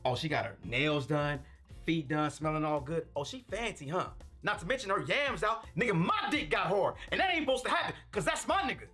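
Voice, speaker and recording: A man's voice: a little high, animated, brisk, sharp tone, slightly rough, faint music behind, exaggerated voice. An actor playing a brash young man who trash-talks his friend with crude street slang in a sitcom. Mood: angry. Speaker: sitcom character. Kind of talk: sitcom acting.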